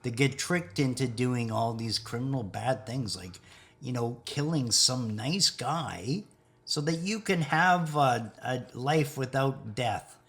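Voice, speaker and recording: A man's voice: medium pitch, lively intonation, slow, creaky, fairly bright tone. A man talking in a rambling spiritual monologue, laughing now and then and sometimes dropping to a whisper. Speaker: video host.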